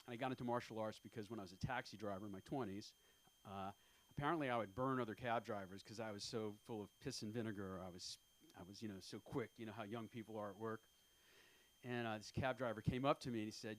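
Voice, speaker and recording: On a comedy club stage, a fiftysomething man works through an open-mic stand-up set in a voice on the low side. He's self-deprecating and meandering, frequently stopping short with filler words.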